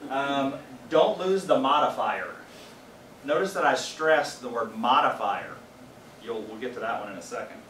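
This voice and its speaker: A man leads a training session in a casual, explanatory way and drops wry asides now and then. His voice sits at a middling pitch. It is picked up from a distance in a roomy space with a faint hum of ambience behind it. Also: moderate pace, a bit bright. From Louisiana. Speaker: faculty trainer. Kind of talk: casual presentation to a live group. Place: training room with a small audience.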